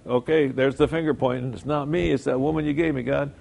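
A man's voice: on the high side, fast talker, gravelly, hardly any pauses, a little mellow, faint music behind. A man preaching a sermon in a conversational way, firing off rhetorical questions and correcting himself as he goes.

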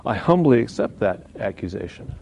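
A man's voice: fairly low pitch, sing-song, moderate pace, creaky, darkish tone, muffled recording, slight background noise. A man teaching from the Bible in a folksy, informal way, with asides and mock voices. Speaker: preacher.

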